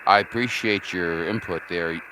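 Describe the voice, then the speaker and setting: A man's voice: sits low, normal speed. A man hosting a casual livestream while running a radio station, chatting in a folksy way and asking viewers for feedback. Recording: noisy room with radio static.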